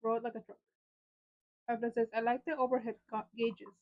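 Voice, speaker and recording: A playful woman reads chat messages aloud as co-host of a live stream. Her voice is a little higher than most women's. The recording sounds dull and lo-fi. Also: little pitch movement, moderate pace. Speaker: co-host reading viewer comments. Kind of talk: casual livestream chat.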